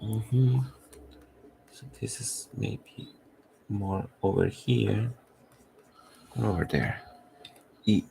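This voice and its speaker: A man, a comic artist who is losing his voice, thinking aloud in halting, rambling commentary while he draws on a live stream. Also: lowish voice, gravelly, mellow, a little hiss or hum.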